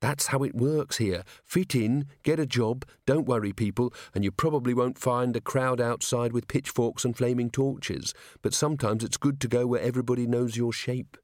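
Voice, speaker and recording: A steady young woman of the city watch, voiced by a male reader close to his own voice. She speaks plainly and matter-of-factly. The audio is dry and close. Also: medium pitch, normal speed, few pauses, dry recording, lightly acted. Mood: firm. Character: steady young female watch officer, blunt. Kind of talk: audiobook character voice.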